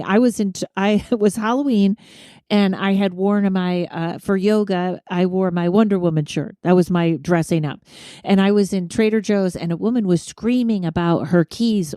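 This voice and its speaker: A woman hosting a podcast in casual chat, talkative and quick to laugh as she retells stories. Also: medium pitch, dry recording, clean studio sound. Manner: chatty, laughs easily, quotes people in animated voices. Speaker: podcast host.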